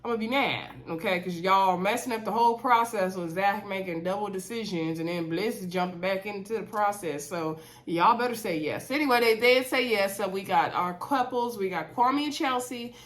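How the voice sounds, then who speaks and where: A woman's voice: mid-range voice, normal speed, hardly any pauses. A woman vlogger, recapping a reality show in an opinionated, chatty way with many fillers and asides. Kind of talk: casual recap chat.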